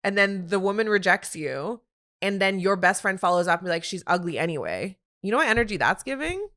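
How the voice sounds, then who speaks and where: Woman, podcast host, opinionated, animated, mid-pitched voice. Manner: animated, opinionated, quick asides and laughs. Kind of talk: solo sports commentary podcast.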